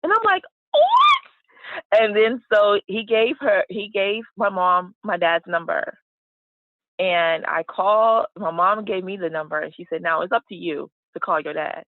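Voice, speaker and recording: Woman, interview guest, animated storytelling, acts out quotes, tinny phone-like sound, dry. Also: on the low side, moderate pace, no room sound. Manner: animated, acts out quoted voices, many fillers. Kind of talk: emotional personal storytelling.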